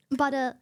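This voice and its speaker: A young woman streaming while sick, chatting candidly and swearing freely as she explains her voice. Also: a little mellow. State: sick, slightly hoarse. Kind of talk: casual stream chat.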